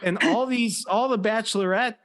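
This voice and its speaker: A man hosts a casual podcast, spinning a long, animated story for his friends. He swears freely as he talks. His voice sits a little high. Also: moderate pace. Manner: animated, profane anecdote teller. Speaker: podcast host.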